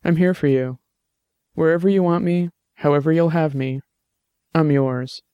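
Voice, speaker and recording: A man voicing a gentle young man who talks steadily and reassuringly, with a light joking touch. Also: fairly high pitch, moderate pace, clear, resonant tone, no echo, muffled recording, close to an everyday voice. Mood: tender, reassuring.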